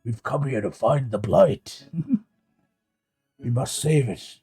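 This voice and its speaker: A man doing a solemn, deep-voiced adventurer. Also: slow pace, warm tone, breathy edge, soft background music.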